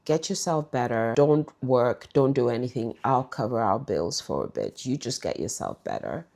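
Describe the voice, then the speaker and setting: A woman's voice: extremely low pitch, sing-song, normal speed, gravelly, a little mellow, exaggerated voice. A woman voicing a kind, supportive young female friend in a reassuring tone.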